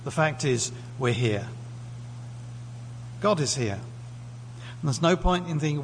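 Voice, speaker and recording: A man's voice: fairly high pitch, lively intonation, takes it slowly, pauses often. A man from the UK preaching a sermon in a conversational way, putting questions to the congregation. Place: church hall. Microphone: lectern mic. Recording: echoey hall, faint hum.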